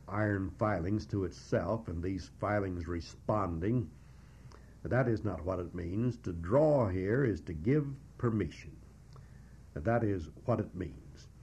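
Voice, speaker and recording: A man preaching a verse-by-verse Bible exposition, teaching in a measured, emphatic way with frequent "uh" pauses. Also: deep voice, a little mellow, slight background noise. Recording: dull lo-fi recording.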